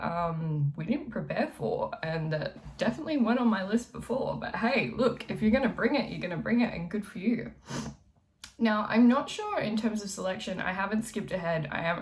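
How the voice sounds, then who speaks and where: A young Australian woman in her twenties, chatting animatedly and laughing often as she live-reacts to a pageant at home. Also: mid-range voice. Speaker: pageant vlogger. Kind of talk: casual live reaction chat.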